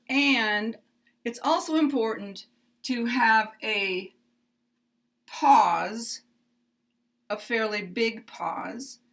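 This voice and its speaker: Slow, deliberate American woman teacher. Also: medium pitch, a bit bright. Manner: deliberate, clearly enunciated, with pauses. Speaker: pronunciation teacher. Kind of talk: slow, careful English lesson.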